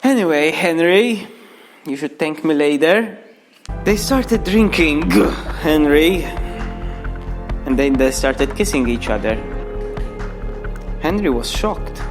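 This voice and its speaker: A man's voice: a little high, expressive, measured pace, pauses often, soft background music. A young man reading a crude comic story aloud, breaking off for mocking asides to the listener. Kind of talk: mock bedtime story reading.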